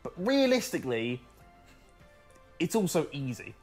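A man chatting casually and excitedly as host of a reaction video, laughing and swearing often. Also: fairly high pitch, measured pace, over music.

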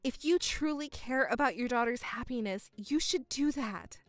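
A woman voicing a calm, cold young stepdaughter in a dramatized story, speaking in a measured, coolly firm way. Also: on the high side, dry recording, soft background music, lightly acted.

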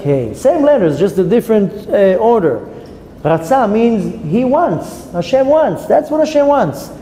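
A man, a rabbi giving a Torah class, telling stories in an animated way with many restarts. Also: high voice. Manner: storytelling, animated, frequent restarts. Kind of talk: Torah class talk with anecdotes. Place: classroom at a women's institute. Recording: roomy hall with faint ambient noise.

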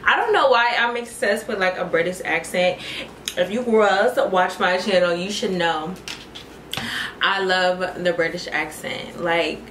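A woman's voice: lowish voice, unhurried, a bit bright. A young woman vlogger casually talking viewers through her makeup routine, calling them y'all and girl. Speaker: beauty vlogger. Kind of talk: casual makeup tutorial chat. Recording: echoey room, faint noise.

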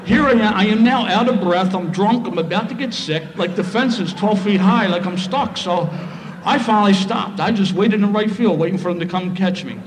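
A middle-aged man with a Philadelphia accent, telling a lively, humorous story of his past at a recovery meeting. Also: sits high, normal speed, hardly any pauses. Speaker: speaker sharing his story. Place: meeting hall. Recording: roomy hall, faint noise.

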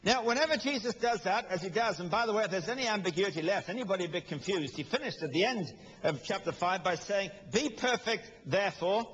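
A man's voice: high voice, lively intonation, fast talker, hardly any pauses, a bit bright, breathy edge. Emphatic preacher man, long hall reverb. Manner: emphatic, rhetorical questions, acts out quotes with humor. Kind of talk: sermon.

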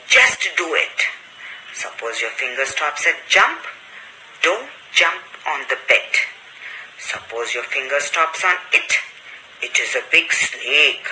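A woman teacher giving a slow, sing-song recorded lesson to small children. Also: low-pitched, bright, forceful tone, a little hiss or hum, rough recording. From Odisha, India.

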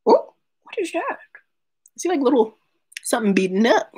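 A chatty woman talks her viewers through an unboxing on a live stream. Her voice sits fairly high and has a husky edge. She addresses her viewers by name and laughs often. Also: big pitch swings, normal speed, darkish tone. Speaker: unboxing vlogger. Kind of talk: casual live-stream chat.

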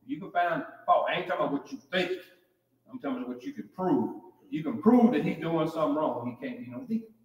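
A man in his sixties preaching a sermon in a folksy way, swinging between loud and low. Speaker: pastor. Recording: echoey church hall, mic far off.

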